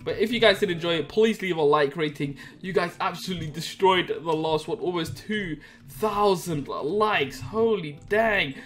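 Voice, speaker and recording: A young man giving excitable, laugh-filled commentary as he hosts a video of his own game prank. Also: high-pitched, moderate pace. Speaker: Minecraft trolling video host. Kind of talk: casual gameplay commentary. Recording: faint music behind.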